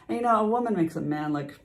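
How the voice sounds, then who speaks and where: A middle-aged woman talking to the camera in a casual personal vlog, confiding, with frequent laughs, sighs and restarted sentences. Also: lowish voice. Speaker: vlogger.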